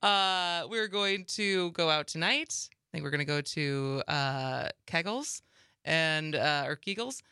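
A woman's voice: deep voice, steady tone, slow, hardly any pauses, pushed and bright, clear, resonant tone, dry recording, clean studio sound. A young woman hosting a radio talk show, chatting casually and laughing easily as she interviews a guest.

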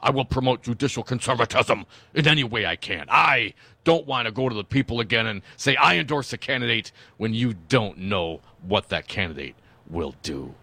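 A man's voice: mid-range voice, expressive, normal speed, pushed and bright, dry recording. A man putting on a pompous judge for a mocking impression on talk radio. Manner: pompous, self-important. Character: pompous middle-aged male judge quoted.

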